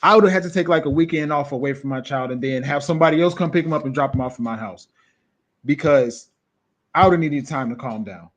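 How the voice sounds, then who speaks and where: A male host talks through viewer comments in an animated, casual way. His voice sits fairly high for a man. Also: quick pace. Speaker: show host.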